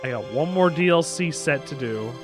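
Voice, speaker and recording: A man hosts a game stream and talks casually and playfully. His voice sits a little high and swings widely in pitch. Faint game music plays behind him. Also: normal speed. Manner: animated, chatty, playful. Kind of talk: casual gameplay commentary.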